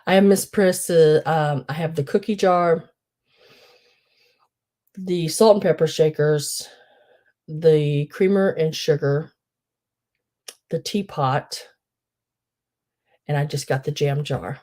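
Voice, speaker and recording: A woman hosts a live online sale with a low, mellow voice. She chats casually and rambles, filling pauses with "um" and restarting sentences. Her tone stays soft rather than bright. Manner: chatty and rambling, many fillers.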